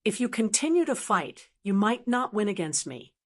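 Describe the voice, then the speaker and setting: A greedy, vicious old elder who gloats and cackles over power he means to seize, voiced by a woman. His voice climbs high and shrill when he crows. He sounds like a figure from a martial-arts fantasy audiobook. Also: big pitch swings, normal speed. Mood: scheming.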